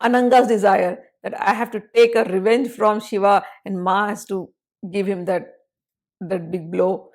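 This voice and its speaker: A woman narrating a devotional story and explaining hymn verses as a spiritual teacher, in an animated, conversational way. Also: medium pitch, normal speed.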